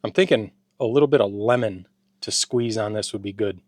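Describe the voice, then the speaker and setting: A food reviewer tries out a ration pack in his home garage for a laid-back taste-test vlog. His fairly low voice runs a little fast, full of enthusiasm, and now and then he speaks through a mouthful.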